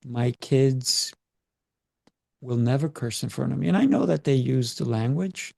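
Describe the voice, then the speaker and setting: A middle-aged man speaking as a podcast guest, deliberate and emphatic, drawing out key words. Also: mid-range voice, creaky, darkish tone, no room sound, clean studio sound. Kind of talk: measured podcast talk.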